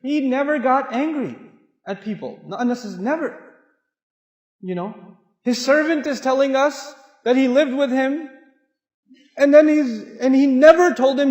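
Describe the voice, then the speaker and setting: High-voiced man preaching in an echoing hall. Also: a little slow, pauses often. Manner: animated storytelling, swinging between loud and hushed. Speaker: Islamic speaker. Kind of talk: sermon. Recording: echoey hall with long reverb.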